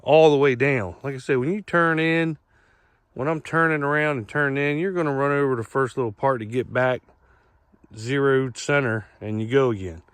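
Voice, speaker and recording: A man's voice: medium pitch, normal speed, smooth, no room sound. A middle-aged man with an Eastern Shore accent, a farmer walking a cornfield outdoors and explaining things plainly, repeating himself as he goes. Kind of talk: casual vlog walkthrough.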